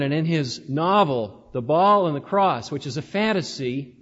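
A man preaching a conversational sermon, telling stories and often pausing with "uh.". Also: high voice. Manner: storytelling, with frequent "uh" fillers. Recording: dull, reverberant hall recording.

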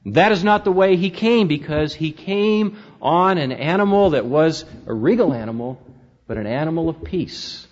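A man's voice: a little high, expressive, moderate pace. A man preaching a sermon as pastor, reading scripture aloud and swinging widely in emphasis. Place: church sanctuary. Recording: dull, lo-fi sound with long church reverb.

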